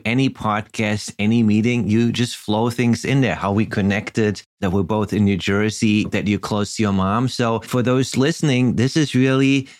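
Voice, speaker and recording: A man's voice: mid-range voice, no echo, clean studio sound. A man hosting a podcast, asking thoughtful questions in an easygoing way. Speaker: podcast host. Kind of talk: interview questions.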